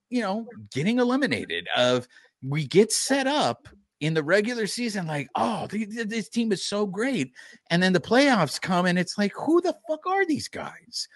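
A man hosting a live sports podcast, talking straight to the fans in an animated way. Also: fairly high pitch, no echo, studio quality. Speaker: podcast host.

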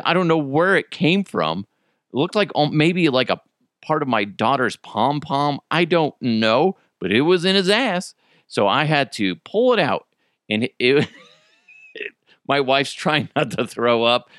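Lively, joking male podcast host. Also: medium pitch, no echo, studio quality. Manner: animated, joking storyteller who swears freely. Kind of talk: casual solo podcast chat.

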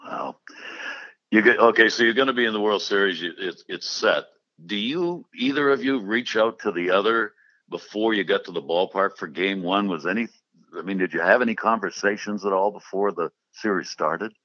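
A man interviewing guests, asking questions in a halting way with restarts. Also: on the low side, pushed and bright, no echo, lo-fi sound.

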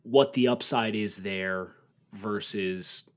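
A man co-hosting a football podcast, talking through draft takes in a measured, analytical way. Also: fairly low pitch. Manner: measured analysis, turns incredulous and emphatic when joking. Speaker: podcast co-host. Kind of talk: casual sports podcast chat.

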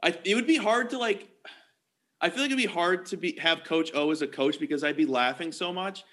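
A man hosts a relaxed interview and asks his guest playful, teasing questions. His voice is pitched fairly high and sounds bright. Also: brisk. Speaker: interviewer host. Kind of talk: casual interview chat.

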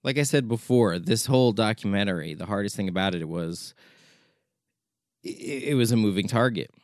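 A documentary filmmaker giving an impassioned opinion monologue, exasperated and urgent, often repeating words for emphasis. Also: male voice, lowish voice, normal speed, no echo, studio quality.

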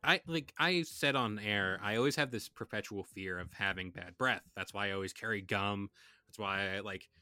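A man's voice: on the low side, normal speed, pushed and bright, clean tone, no room sound, clean studio sound. A young man co-hosting a podcast, chatting casually with jokes and rambling asides. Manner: joking, rambling, many fillers. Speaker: podcast co-host. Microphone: studio podcast mic.

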